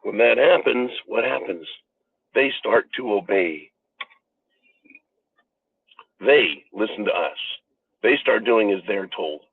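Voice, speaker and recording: A man's voice: on the low side, expressive, slow, gravelly, pauses often, husky, no echo. An American man giving a political commentary monologue, emphatic and profane, ranting as the host. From United States. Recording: phone-like narrow band.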